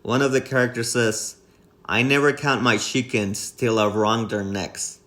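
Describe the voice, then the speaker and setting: A man's voice: mid-range voice, a little slow, fairly bright tone. A man co-hosting a casual film-review podcast, amused, laughing mid-sentence and restarting his thoughts. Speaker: podcast co-host.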